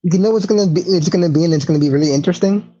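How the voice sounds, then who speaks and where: A man's voice: high voice, very fast, mellow. A man co-hosting a podcast, chatting about wrestling in a laid-back, slangy way with some swearing. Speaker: podcast co-host. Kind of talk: casual wrestling chat. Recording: dull lo-fi recording.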